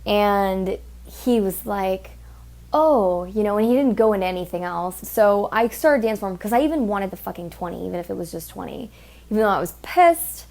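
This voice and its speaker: A woman's voice: medium pitch, expressive, moderate pace, gravelly, a little mellow. A woman hosting a podcast, telling a story in a blunt, heated, profane way and mimicking the people in it. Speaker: podcast host. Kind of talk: casual storytelling monologue.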